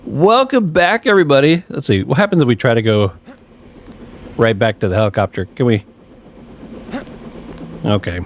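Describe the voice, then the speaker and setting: A man's voice: medium pitch, normal speed, long pauses. A man hosting a gaming channel, giving chatty, upbeat let's-play commentary. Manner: upbeat, chatty, laughs often.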